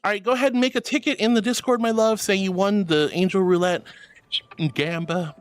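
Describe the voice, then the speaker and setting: A woman's voice: medium pitch, steady tone, fairly quick. A woman streamer reading out chat messages, affectionate and giggly, calling viewers darling and honey. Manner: laughs often. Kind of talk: casual live-stream chat.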